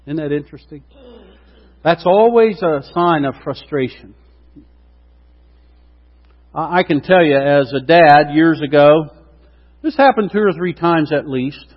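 Man preaching, middle-aged, high lively voice, long hall reverb, dull lo-fi sound. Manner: animated preaching, acts out quotes, asides to congregation. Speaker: pastor. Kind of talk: sermon.

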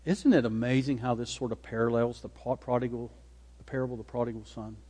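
A man's voice: medium pitch, fairly even intonation, fast, mellow. A man preaching a sermon, retelling scripture dramatically and acting out the speakers' lines. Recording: long hall reverb.

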